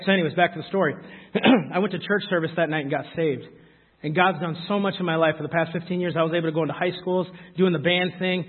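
A man preaching a sermon, animated and talking straight to the congregation with quick asides. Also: a little high. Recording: phone-like sound with long hall reverb.

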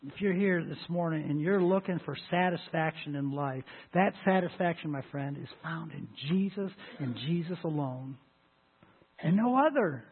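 A man preaching a sermon as pastor, with a husky voice and an emphatic delivery that swells loud and high on scripture. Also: moderate pace. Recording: tinny lo-fi phone-like sound.

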